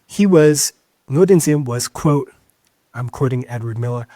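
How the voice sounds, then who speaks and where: A man's voice: medium pitch, a little slow, dark tone, dry recording. A man co-hosting a podcast who explains history in an emphatic, lecturing way, often stopping to stress key points. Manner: lecturing, emphatic, with frequent "keep in mind" asides. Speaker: podcast co-host.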